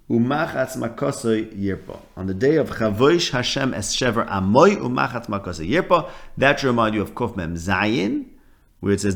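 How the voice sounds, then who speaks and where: A man with a somewhat low voice teaches a casual Torah lesson. He talks conversationally, mixing Hebrew terms into his English and pausing on ums and restarts. He voices the people he quotes with animation. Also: gravelly. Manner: animated, voicing quoted speakers.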